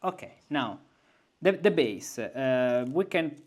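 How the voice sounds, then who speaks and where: A man's voice: medium pitch, animated, slow, a little mellow. A male music teacher giving an informal composition lesson, thinking aloud and humming melodies on nonsense syllables.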